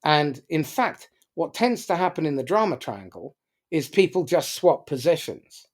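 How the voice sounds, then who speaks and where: A man's voice: on the high side, lively intonation, normal speed. A man speaking as a podcast guest in a casual motivational talk, emphatic, with frequent ums and uhs.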